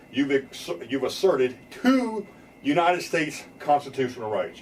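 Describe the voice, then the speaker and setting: A plainspoken man lays out legal advice in a mid-pitched voice. He picks up from a little away from the mic, with a faint hum of room ambience behind him. Now and then he barks out police lines in a mocking tone. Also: recorded from a distance. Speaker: defense lawyer. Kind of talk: explainer talk to camera.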